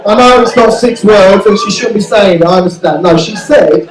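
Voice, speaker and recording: High-voiced crude stand-up comedian. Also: male voice, moderate pace, roomy sound, recorded from a distance, crowd noise, low-quality recording. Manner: crude, self-mocking storytelling. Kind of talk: stand-up routine.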